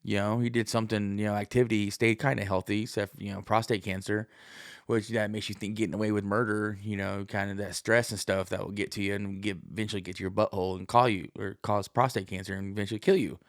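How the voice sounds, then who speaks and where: Gravelly low-voiced man rambling profanely. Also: little pitch movement, quick pace, no echo, clean studio sound. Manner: profane, jokey, puts on high voices to act out stories. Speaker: podcast host. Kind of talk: rambling casual monologue.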